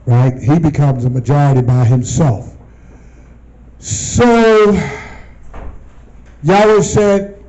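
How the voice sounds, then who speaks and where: A man teaching from scripture to a group, often pausing to ask them questions and repeating phrases for them to answer. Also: on the high side, mellow, lo-fi sound. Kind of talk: call-and-response Bible teaching.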